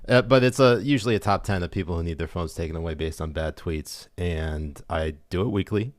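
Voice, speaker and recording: A man speaking as a podcast guest in casual chat, deadpan and sarcastic. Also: low-pitched, fairly quick, no echo, clean studio sound.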